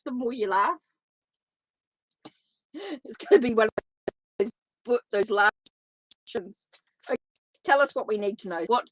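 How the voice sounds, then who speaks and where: A somewhat high-voiced woman reads tarot cards live, chatting informally and speaking straight to her viewers. The sound is dry and close. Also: fairly bright tone, dry recording. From New Zealand. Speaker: tarot reader. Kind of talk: live tarot reading chat.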